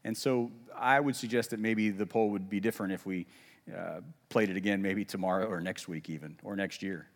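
A man preaching a sermon in a casual, conversational way, with self-deprecating humor and lively emphasis when quoting. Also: low-pitched, a little fast, in a large hall. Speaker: pastor.

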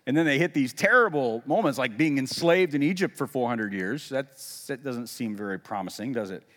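A man preaching a sermon in a casual, conversational way, with self-deprecating humor and lively emphasis when quoting. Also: medium pitch, normal speed, in a large hall. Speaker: pastor.

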